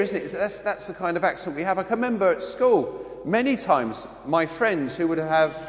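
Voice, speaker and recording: Man, london accent, high voice, chatty homily, roomy church echo. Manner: chatty storytelling with voiced impressions. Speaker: priest. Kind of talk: gospel reading and homily.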